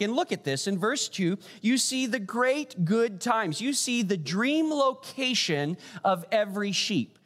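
A man preaching a sermon as pastor, animated and rising high for emphasis. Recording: long church hall reverb.

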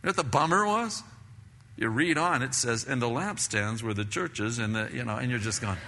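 A middle-aged male pastor preaching a sermon in a casual, animated way, repeating himself and often calling listeners "man". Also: mid-range voice, moderate pace, big-room sound, a little hiss or hum.

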